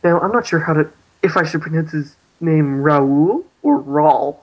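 A man's voice: on the high side, lively intonation, brisk, muffled recording. A man co-hosting a casual podcast, hesitantly recapping a story and laughing often. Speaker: podcast co-host.

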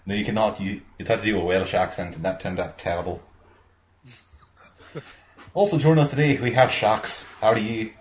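A man's voice: lowish voice, normal speed, long pauses, dull audio, slight background noise. A man hosting a casual movie commentary podcast over an online call, rambling and swearing freely. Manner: profane, rambling. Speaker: podcast host. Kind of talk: casual commentary-track chat.

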